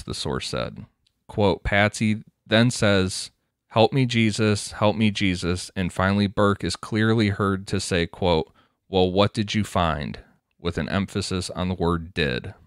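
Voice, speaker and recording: A man's voice: low voice, smooth, no echo, studio quality. A man co-hosting a casual podcast, reading quotes and notes from his research aloud between chat. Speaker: podcast co-host.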